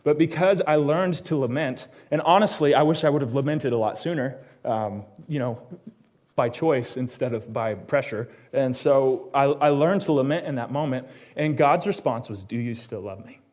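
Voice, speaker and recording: Man preaching a personal sermon. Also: medium pitch. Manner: personal storytelling with quick asides to the congregation; drops to a hushed tone on solemn lines. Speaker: pastor.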